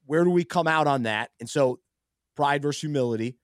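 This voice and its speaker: This male podcast co-host has a slightly high voice and a brisk delivery, chatting casually about sports from a faith perspective. He comes across as earnest and thoughtful, frequently starting sentences over. It's a clean studio recording with no echo.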